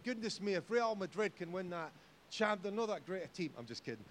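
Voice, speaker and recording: A man with a Scottish accent preaching a sermon in church, jokey and animated, rising to loud exhortation. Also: sits high, brisk. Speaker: pastor. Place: church hall.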